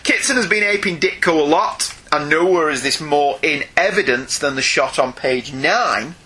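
A British man in his forties co-hosting a casual comics discussion, animated and joking. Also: a little high, normal speed. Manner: animated, breaks into plummy posh-British voices for jokes. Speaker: podcast co-host.

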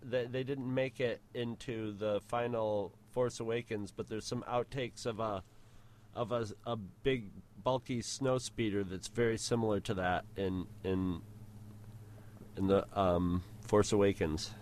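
A man's voice: on the low side, steady tone, a little slow, a little mellow. A man co-hosting a podcast in casual chat, rambling and joking with playful asides. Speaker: podcast co-host.

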